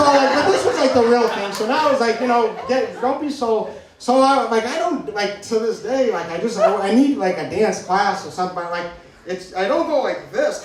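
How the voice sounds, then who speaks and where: A man from New England doing stand-up, telling a rambling story full of "like" and restarts, laughing at himself. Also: high voice. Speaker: stand-up comedian. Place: comedy venue stage. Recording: echoey room heard from far off.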